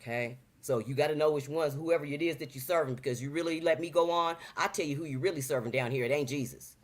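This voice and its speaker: Here a woman in her fifties, guesting on a talk show, talks quickly in a voice that sits low. Her casual chat is animated and preachy, heavy on slang, with little quoted voices acted out.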